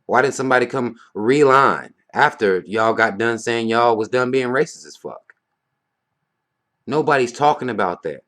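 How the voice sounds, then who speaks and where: A man's voice: medium pitch, normal speed, few pauses, a bit bright. A man ranting bluntly to camera in a vlog, heated and profane, firing off rhetorical questions. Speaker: vlogger. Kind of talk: casual rant to camera.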